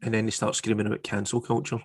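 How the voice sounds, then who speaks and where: A man's voice: fairly low pitch, level tone, fast, husky, no room sound. A man hosting a podcast, talking politics with dry, sarcastic humour. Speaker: podcast host. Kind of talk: casual political chat.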